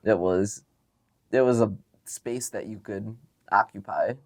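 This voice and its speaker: Laid-back low-voiced musician guest. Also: male voice, a little slow, gravelly, no echo. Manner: laid-back, laughs easily, says bro. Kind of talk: casual chat.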